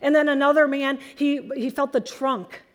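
Woman preacher, sermon, earnest storytelling, raised pitch, animated emphasis. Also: normal speed.

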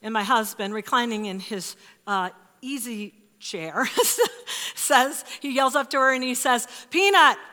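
Woman pastor, 50s, emphatic sermon delivery, slightly high pitch, reverberant hall. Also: a little slow. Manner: expressive, emphatic, dropping to hushed asides. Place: church.

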